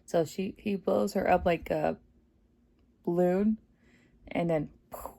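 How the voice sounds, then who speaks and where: A woman giving a casual, excited movie review, chatty and full of fillers, laughing often. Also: fairly low pitch, slow pace, gravelly. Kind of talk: casual spoiler review vlog.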